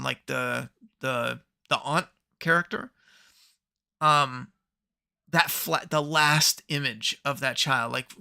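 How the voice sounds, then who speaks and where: Brief: male reviewer, sarcastic and profane, slightly high, gravelly. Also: bright, forceful tone. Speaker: podcast host. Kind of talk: ranting TV review.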